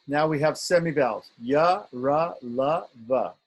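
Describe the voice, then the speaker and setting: Male teacher, slightly high and husky voice, patient, repeats sounds and checks in with "right?". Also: unhurried, low-quality recording. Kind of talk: online script lesson.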